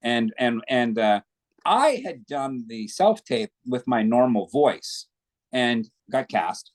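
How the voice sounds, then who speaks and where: A man's voice: mid-range voice, expressive, takes it slowly. A man, a guest actor, chatting casually in an interview and telling long anecdotes.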